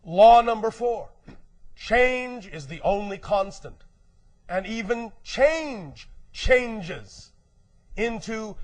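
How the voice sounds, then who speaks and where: A man doing a high, slow, emphatic channeled lecture as a collective "we". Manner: slow, emphatic, declarative, often clears throat; speaks as a collective "we" addressing humans. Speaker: spiritual speaker.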